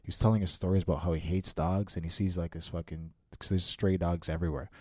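Low, dark-voiced man telling a wild story. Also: fast, no echo, studio quality. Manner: swearing, animated anecdote telling. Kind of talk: casual chat.

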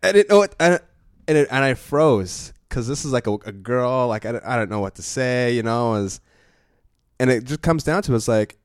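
A man's voice: medium pitch, lively intonation, moderate pace, no room sound, studio quality. A young man co-hosting a casual podcast, laid-back, agreeing and chiming in. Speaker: podcast co-host.

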